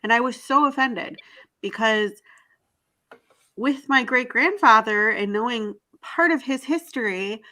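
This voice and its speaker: A woman's voice: a little high, a little slow, sharp tone, low-quality recording. A woman in a casual panel discussion, earnestly telling personal stories with frequent restarts.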